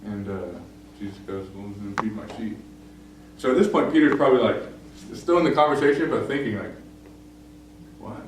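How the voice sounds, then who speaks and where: A young male pastor tells a story in a relaxed, chatty sermon, full of "like" and "you know". His voice sits at an ordinary pitch and is picked up from afar. It rings in a big, reverberant hall with a faint hiss underneath. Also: quick pace. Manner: conversational, many fillers, acts out quoted lines. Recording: very echoey room, distant mic, faint noise.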